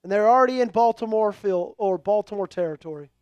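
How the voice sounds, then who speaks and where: Man, fan stream play-by-play, excitable, begging viewers, faint music underneath. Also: high voice, fast, clear, resonant tone, no room sound, muffled recording. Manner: hyped, pleading with viewers, shouts at big plays. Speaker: fan livestream play-by-play host. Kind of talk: excitable live play-by-play commentary.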